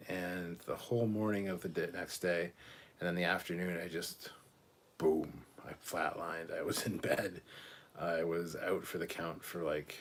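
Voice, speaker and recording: Low husky man chatting on a livestream. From Canada. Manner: reads viewer comments aloud and reacts, swears, laughs. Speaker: livestream host reading chat. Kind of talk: casual live chat.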